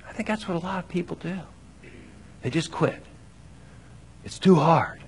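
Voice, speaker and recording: Animated man preaching a sermon. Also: on the high side, normal speed, pauses often, a little hiss or hum. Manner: animated, acts out scripture with shifting loudness. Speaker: pastor.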